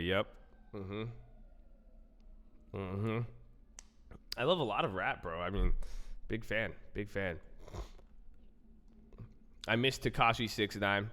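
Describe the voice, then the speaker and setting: Male livestream host, low smooth voice, rambling casual chat full of "bro", reverberant sound. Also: takes it slowly, long pauses, pushed and bright. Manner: loose, rambling, repeats himself, says "bro" and "man" a lot.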